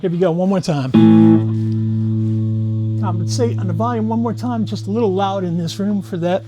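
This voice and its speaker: A man's voice: high-pitched, normal speed. A man talking casually through a guitar pedal demo, walking through each knob setting step by step. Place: room with guitar gear.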